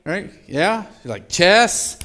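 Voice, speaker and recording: Jokey conversational pastor, higher voice. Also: male voice, sing-song, extremely slow, bright, forceful tone. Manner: conversational, jokey, asks the audience questions. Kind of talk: sermon. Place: church sanctuary.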